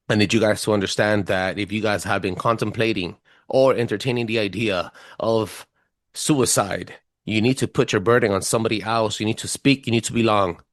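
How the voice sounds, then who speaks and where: A man's voice: lowish voice, dry recording. Tipsy podcast host guy rambling on, swearing, dry close mic. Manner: rambling, loose and animated, swearing. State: a little tipsy from whiskey. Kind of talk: casual podcast intro.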